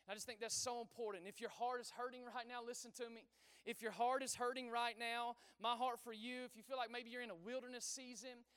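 High, bright-voiced male pastor preaching. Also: clean tone, big-room sound. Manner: conversational, asks the congregation questions, repeats phrases. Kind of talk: sermon. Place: church.

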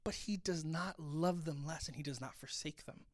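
A man's voice: a little high, normal speed, no room sound, studio quality. A man reading scripture aloud and explaining it in an earnest, reflective way, as a pastor giving a Bible talk.

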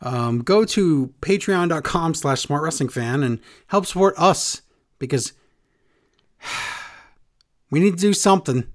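A man's voice: a little high, expressive, slow, pauses often. A man co-hosting a casual podcast, sarcastic and exasperated, with mocking impressions. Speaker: podcast co-host. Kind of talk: casual chat recapping wrestling.

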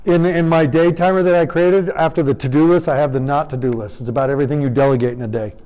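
A man's voice: a little high, fast talker, poor audio. A man giving a live parenting workshop to an audience, acting out how parents talk to children and asking the room for answers. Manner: animated, acts out parent-child exchanges.

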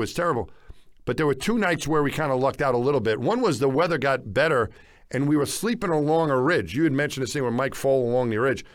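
A man casually recounting an outdoor expedition in conversation, animated and jumping up in pitch when acting out what others said. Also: dry recording. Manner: animated, acts out quotes with big pitch jumps. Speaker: guest recounting expedition stories.

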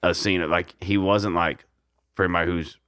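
A man's voice: low voice, steady tone, fairly quick, a bit bright, no room sound, clean studio sound. A man co-hosting a casual podcast, talking through a movie scene in a rambling, earnest way. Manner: rambling, restarts phrases, earnest. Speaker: podcast co-host. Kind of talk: casual chat recapping a movie.

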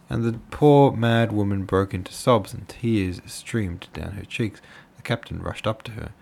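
A man's voice: fairly low pitch, a little slow, vocal fry, hardly any pauses, darkish tone. A tired man casually reading a book aloud, stumbling over names now and then. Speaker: audiobook reader.

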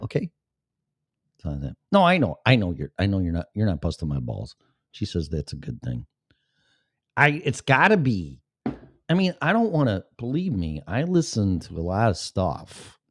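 Low-voiced sarcastic rambling man. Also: wildly swooping pitch, normal speed, a little hiss or hum. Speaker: podcast host. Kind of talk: casual live-stream monologue.

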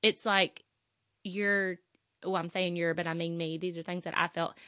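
Low, bright-voiced woman. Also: little pitch movement, moderate pace, no room sound, clean studio sound. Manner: emotional, tearful at times, rambling with fillers. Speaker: podcast host. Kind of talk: personal faith podcast talk.

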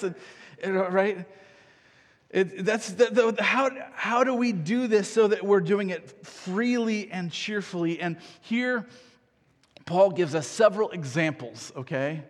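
A man's voice: high-pitched, a little slow, in a large hall. A man preaching a sermon as pastor, conversational and earnest, often checking in with "right?" and restarting his phrases.

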